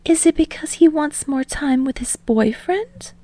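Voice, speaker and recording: A woman's voice: high voice, expressive, unhurried, noisy background, pitched above the performer's own voice. A woman doing a polite, well-bred young woman. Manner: courteous and formal.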